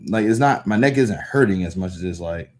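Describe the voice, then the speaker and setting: A man's voice: deep voice, animated, a little fast. A man hosting a live stream, chatting casually about comics in a rambling, laid-back way with lots of fillers and restarts. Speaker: livestream host reading comics aloud. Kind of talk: casual livestream chat.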